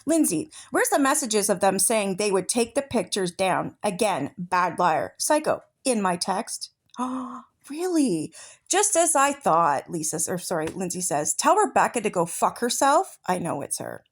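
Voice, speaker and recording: A woman with a mid-pitched voice reads out chat messages from a feud. She breaks in with furious, profane attacks, speaking in a blunt and confrontational way. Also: very animated, unhurried. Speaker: true-crime commentary channel host. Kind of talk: angry commentary reading messages aloud.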